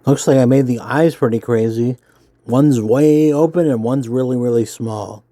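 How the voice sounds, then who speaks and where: A man's voice: mid-range voice, moderate pace, dry recording. A man who calls his own voice nerdy, casually reading an interview aloud and chatting while he colors a drawing. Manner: self-described nerdy voice, relaxed with fillers. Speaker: comics vlogger.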